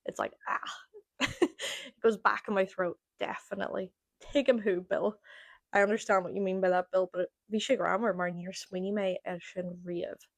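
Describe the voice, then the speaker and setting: A woman's voice: mid-range voice, steady tone, moderate pace, no room sound. Chatty Irish woman podcast host. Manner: chatty, demonstrating word pronunciations. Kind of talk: casual chat.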